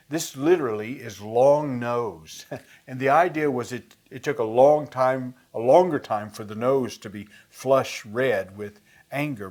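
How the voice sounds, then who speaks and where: A man leads a Bible study lesson at an ordinary pitch, speaking earnestly and conversationally. He pauses to define words and reads the scripture passages aloud with weight. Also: a little mellow. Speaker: Bible teacher.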